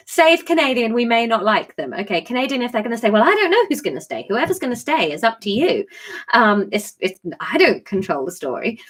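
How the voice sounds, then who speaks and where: A woman's voice: a little high, big pitch swings, moderate pace, fairly bright tone. A woman comedian chatting casually on a live stream, giggly and self-mocking as she reads her own story. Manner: giggly, self-mocking, laughs through lines. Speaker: comedian hosting a live book club.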